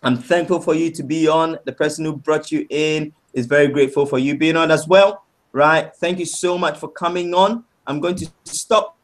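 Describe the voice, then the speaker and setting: A man presenting a sales pitch on a webinar, upbeat and persuasive, often asking "right?" and calling the audience "guys". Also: fairly even intonation, normal speed.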